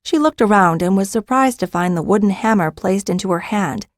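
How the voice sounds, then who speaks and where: A woman's voice: medium pitch, animated, a little fast, dry recording, clean studio sound. Woman narrating a fantasy audiobook.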